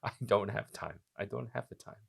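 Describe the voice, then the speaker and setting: A man's voice: fairly low pitch, brisk, creaky, husky. A man in his thirties, a chef hosting a podcast, chatting casually with a teasing, upbeat manner. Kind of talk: casual chat.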